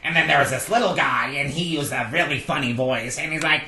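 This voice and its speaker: A player doing a squeaky gossipy little gatekeeper. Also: fairly quick, bright, forceful tone, reverberant. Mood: chatty. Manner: rambling, gossipy, full of "like". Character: small chatty gossipy gatekeeper. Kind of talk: tabletop role-play character voice.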